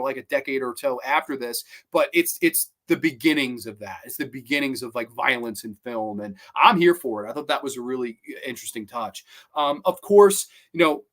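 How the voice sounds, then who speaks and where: A man's voice: mid-range voice, fairly bright tone. A man hosting a show, giving a casual, enthusiastic, rambling film review. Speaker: podcast host.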